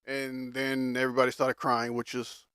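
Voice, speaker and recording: A man co-hosting a podcast, giving animated, slangy opinions in casual chat. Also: mid-range voice, moderate pace, clean tone, no echo, clean studio sound. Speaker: podcast co-host.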